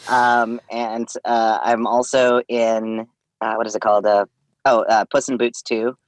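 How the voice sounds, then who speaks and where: A man's voice: medium pitch, level tone, a little slow, slight background noise. A man, a comedian and voice actor, talking as a guest in a casual podcast interview, rambling with laughs and restarts.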